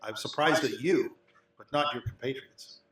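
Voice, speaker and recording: A man's voice: mid-range voice, normal speed, fairly bright tone, lightly acted. A man voicing a sly, secretive woman spy who speaks in a teasing, knowing way. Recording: echoey, off-mic.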